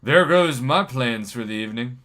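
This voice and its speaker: Bright-voiced joking male game streamer. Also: mid-range voice, expressive, normal speed. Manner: jokey, chatty, reads viewer comments aloud. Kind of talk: casual live-stream chat.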